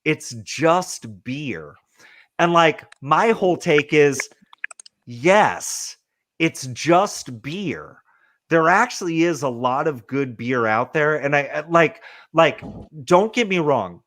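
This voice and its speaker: A man hosting a casual podcast chat, ranting in an animated, profane way with lots of fillers. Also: on the high side, slow. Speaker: podcast host.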